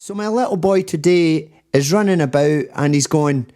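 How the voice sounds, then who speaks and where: A man's voice: on the high side, moderate pace, few pauses, warm tone. A Scottish man hosting a reaction video, chatting in a rambling, casual way. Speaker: reaction channel host. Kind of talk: casual chat.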